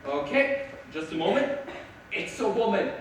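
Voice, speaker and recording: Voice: mid-range voice, sing-song, unhurried. A teenage student acting on a school stage as a frantic party host trying to restore order. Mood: flustered. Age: teens. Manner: flustered, shouting for order. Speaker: student actor. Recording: echoey hall, mics far off, faint hiss.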